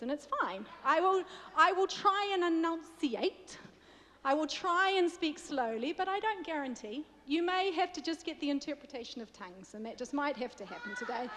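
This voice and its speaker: A woman from New Zealand, accent plain in every word, delivers a sermon in a relaxed, joking way. Her voice sits high and light. It rings out with a long reverb through a church hall. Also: fairly quick. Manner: chatty, self-deprecating, joking with the congregation. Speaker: guest preacher.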